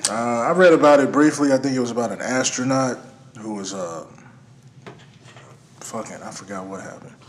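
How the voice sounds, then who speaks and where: A man's voice: mid-range voice, moderate pace, long pauses, noisy background. A man co-hosting a casual podcast, matter-of-fact and dry, reading article summaries aloud. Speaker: podcast co-host.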